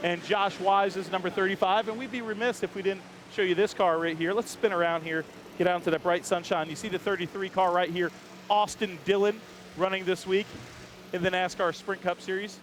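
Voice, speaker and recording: A man's voice: high-pitched, fairly even intonation, brisk. A man hosting a walking tour of a race garage, chatting upbeat and joking with crew members outdoors. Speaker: host. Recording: faint outdoor background noise.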